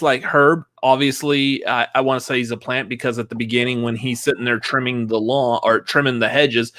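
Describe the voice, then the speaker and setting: A man's voice: medium pitch, a bit bright, dry recording. Rambling man in a dry room. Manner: rambling theorizing with restarts and laughs. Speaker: co-host. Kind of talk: casual review chat.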